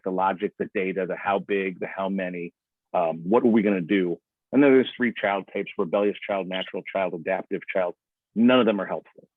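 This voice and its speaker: Man, sales trainer, lowish voice, acts out quotes, tinny phone-like sound, dry. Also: no room sound. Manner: conversational, acts out quoted speech in other voices. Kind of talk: coaching talk on a video call.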